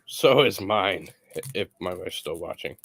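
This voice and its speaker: Deep, bright-toned man chatting playfully. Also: animated, measured pace, creaky, husky. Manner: playful, giggly, talks while eating. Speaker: podcast co-host. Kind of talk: casual late-night stream chat.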